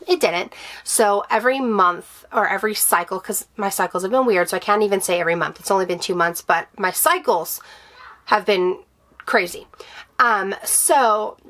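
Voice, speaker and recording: Reassuring her viewers, a vlogger who stays home with her kids shares a candid, emotional personal update full of fillers and restarts. She has a medium-pitched, fairly bright voice.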